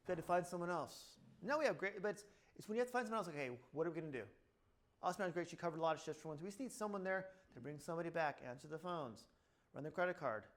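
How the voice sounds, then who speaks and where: A man's voice: high-pitched, lively intonation, rapid-fire, a bit bright. A middle-aged man, a chiropractor, talking casually to a room and telling stories from his practice, acting out quoted lines and saying "blah, blah" often. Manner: storytelling with acted-out quotes, repeats "blah, blah". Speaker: chiropractor speaking at a seminar.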